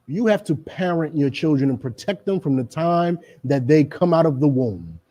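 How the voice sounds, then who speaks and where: This middle-aged man speaks for a religious group on a radio program, his voice on the high side, animated, warm, and at normal speed. He preaches emphatically and repetitively while calling out the people around him by name.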